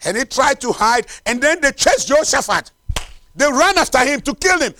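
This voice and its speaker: A male preacher with a high voice that leaps up and down as he builds to loud declarations and then drops to hushed asides. He repeats phrases to drive them home. The sound is dry and close. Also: sing-song, normal speed, dry recording. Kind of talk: sermon with closing prayer.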